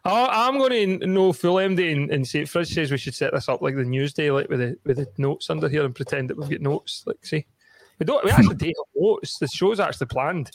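Scottish male podcast host, chatty and laughing, slightly high voice, dry close studio sound. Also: brisk, no room sound. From Scotland. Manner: chatty, laughing often, frequent ums. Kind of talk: casual podcast chat.

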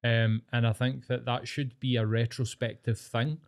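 Scottish guy on a podcast, swears constantly, gets worked up, mid-pitched voice. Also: normal speed. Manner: sweary, ranting, animated. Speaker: podcast co-host. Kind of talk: casual chat.

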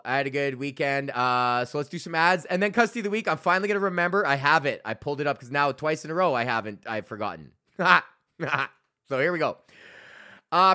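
Male podcast host, profane comic ranter, bright, somewhat high voice, bursts into loud bits. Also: clean tone. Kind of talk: profane comedic rant.

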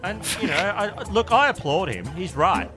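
Animated man joking as podcast co-host. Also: high-pitched, moderate pace, music in the background. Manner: crude, jokey storytelling. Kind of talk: casual banter.

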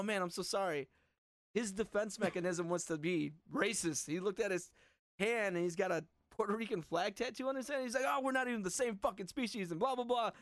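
Male podcast host, high-pitched, swears freely, laughs through his stories. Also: no room sound, clean studio sound. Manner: profane, animated storyteller with lots of laughing. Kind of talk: casual chat among friends.

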